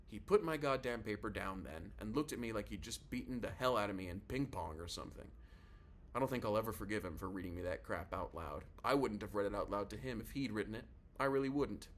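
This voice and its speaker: A man reads a novel aloud in a casual, confiding first-person voice. His pitch sits on the low side, and a faint noise runs under the recording. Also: animated, quick pace. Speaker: audiobook narrator.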